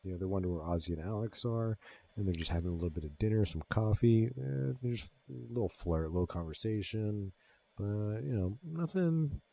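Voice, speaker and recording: A man's voice: lowish voice, lively intonation, fairly quick, creaky, warm tone. A man in his thirties co-hosting a podcast, casually retelling movie scenes in laid-back talk with plenty of swearing. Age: 30s. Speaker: podcast co-host. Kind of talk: casual movie-review chat.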